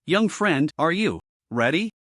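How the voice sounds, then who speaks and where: A man voicing a wealthy, flattering old man in a narrated storybook recap, speaking in a deferential, courteous way. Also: a little high, unhurried, no room sound, studio quality, full character voice.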